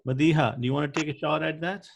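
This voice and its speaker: A man's voice: fairly high pitch, steady tone, quick pace, vocal fry, a little hiss or hum. A man teaching Arabic grammar over a video call, patiently quizzing his students by name. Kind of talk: online class teaching.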